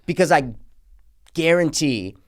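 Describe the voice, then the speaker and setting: A man with a slightly higher voice co-hosts a casual movie-review podcast. He talks in an animated, profane way and acts out scenes with big reactions. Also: measured pace. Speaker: podcast co-host.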